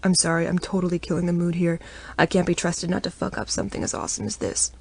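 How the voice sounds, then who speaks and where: A woman's voice: on the low side, fairly even intonation, quick pace, a little mellow, breathy edge. A woman reading the lines of a teasing young man in a romance audiobook, barely changing her voice. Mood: frustrated.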